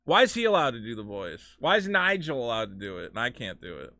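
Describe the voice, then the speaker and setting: Crude joking male streamer, lively pitch. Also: fast talker, no echo, clean studio sound. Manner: crude, rambling, joking, swears freely. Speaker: gaming streamer. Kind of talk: casual gameplay commentary.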